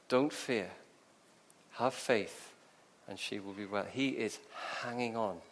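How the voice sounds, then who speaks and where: A man preaching a sermon, telling the story vividly and asking rhetorical questions. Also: a little high.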